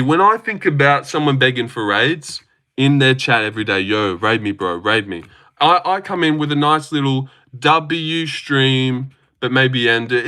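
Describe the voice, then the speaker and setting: A man's voice: medium pitch, sharp tone. A young man rambling casually on a live stream, reading chat aloud and teasing viewers. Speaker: livestreamer.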